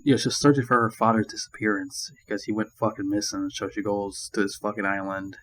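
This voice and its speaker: A man's voice: on the low side, level tone, a little fast, poor audio. A man giving a casual movie review, rambling and ranting with constant swearing and crude jokes. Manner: crude, profanity-laden rambling; annoyed ranting.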